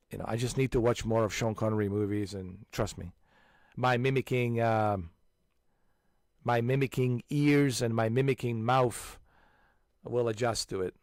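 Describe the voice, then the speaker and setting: A man in his forties chatting casually as a channel host, animated and emphatic, restarting his sentences often. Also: medium pitch, no room sound, clean studio sound. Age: 40s. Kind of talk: casual chat.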